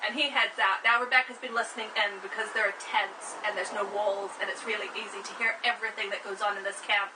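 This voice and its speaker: A woman hosting, retelling an old story in a casual, wry and animated way. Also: medium pitch, fast, hardly any pauses, distant mic, background noise. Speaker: host.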